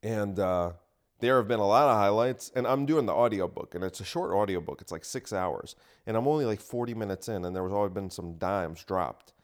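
A man's voice: fairly low pitch, animated, brisk. A man hosting his own podcast, ranting bluntly and with profanity in a casual solo monologue recorded in a home gym room. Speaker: comedian podcast host.

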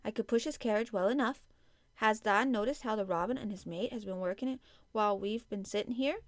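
Gentle country boy, calm coaxing delivery, woman narrator playing him, dry audio. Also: mid-range voice, fairly quick, dry recording, natural voice. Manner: broad dialect, calm and coaxing. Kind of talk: audiobook character reading.

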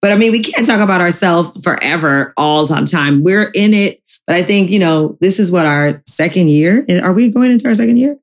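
A woman in her forties with a lowish voice, co-hosting a relaxed podcast. She talks in a loose, chatty way, teasing and laughing easily as the conversation wanders. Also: fairly quick, few pauses. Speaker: podcast co-host. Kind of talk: casual chat.

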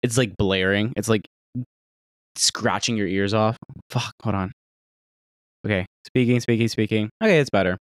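A man with a Southern accent hosting a solo podcast, rambling and swearing, jumping between loud outbursts and muttered asides. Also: on the low side, normal speed, pauses often, no echo, clean studio sound. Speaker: podcast host. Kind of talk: casual solo podcast rant. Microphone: desk microphone held close.

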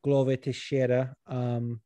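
A man's voice: medium pitch, measured pace. Rambling, profane man chatting on a podcast. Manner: rambling, profane, animated, puts on regional accents. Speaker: podcast co-host. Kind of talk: casual chat.

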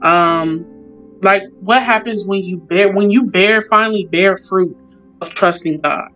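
A woman hosting a casual devotional podcast, praying and reading aloud in a heartfelt, expressive way and talking straight to her listeners. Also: medium pitch, unhurried, faint music behind. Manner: heartfelt, expressive, prone to tearing up; folksy, talks straight to listeners. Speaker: podcast host.

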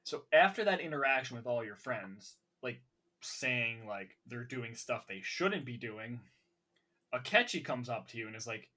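A man's voice: mid-range voice, lively intonation, unhurried, pushed and bright. A man hosting a casual podcast, eager and talking with lots of fillers. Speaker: podcast host. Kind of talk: casual podcast chat about a video game.

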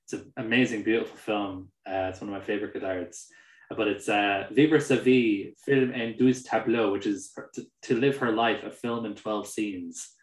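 A man's voice: fairly low pitch, steady tone, normal speed, roomy sound, low-quality recording. A man co-hosting a film podcast, talking casually and animatedly, swearing and acting out mocking quotes. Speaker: podcast co-host.

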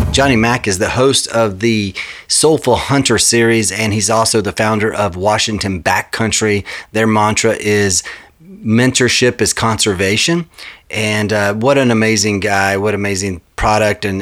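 A man hosts his podcast in a relaxed, rambling way, full of fillers and restarts. His voice sits on the low side. He talks casually, as if chatting with a friend. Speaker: podcast host. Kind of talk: casual podcast ad read and intro.

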